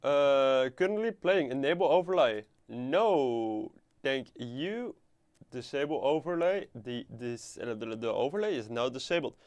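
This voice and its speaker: A man's voice: mid-range voice, lively intonation, measured pace, a little mellow, dry recording. Guy streaming a game, rambly and joking around, swears a bit. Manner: rambling, playful, swears casually. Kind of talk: casual live game stream chat.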